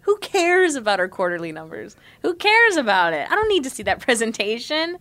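A woman's voice: on the high side, big pitch swings, a little fast, pushed and bright, exaggerated voice. Woman playing a sing-songy man in denial. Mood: evasive. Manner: sing-songy, forced cheer. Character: chipper middle-aged man in denial after separation. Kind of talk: improvised comedy sketch.

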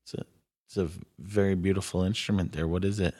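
A man's voice: low voice, steady tone, fairly quick, mellow, husky. A man playing a polite male adventurer in a tabletop game, a little hesitant.

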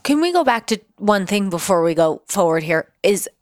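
A woman in her mid-thirties hosting a casual podcast, chatty and quick to laugh. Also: medium pitch, big pitch swings, no room sound, clean studio sound. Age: 30s. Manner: chatty, laughs easily, many affirmations. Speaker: podcast host.

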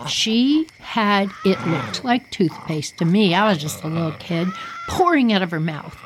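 A woman hosting a podcast, telling a personal childhood story in an expressive, emotional way. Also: mid-range voice. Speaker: podcast host.

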